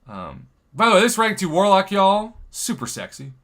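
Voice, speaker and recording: A man's voice: high-pitched, huge pitch swings, normal speed, fairly bright tone. A man hosting a live game stream, chatting casually and joking while reading viewer comments. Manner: jokey, chatty, reads viewer comments aloud.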